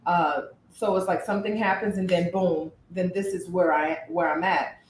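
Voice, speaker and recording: A woman who works as a therapist, co-hosting a casual podcast, talking in an animated and thoughtful way and sometimes searching for her words. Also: on the low side, moderate pace. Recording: roomy echo.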